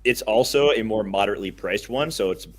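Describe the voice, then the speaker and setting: A young man co-hosting a casual podcast, chatting enthusiastically and rambling a little, quick to laugh. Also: lowish voice. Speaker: podcast co-host.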